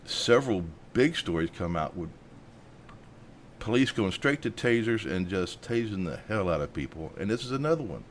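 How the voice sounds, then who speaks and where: A man's voice: on the low side, lively intonation, moderate pace, slight background noise. A man hosting a news commentary, indignant and worked up. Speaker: host.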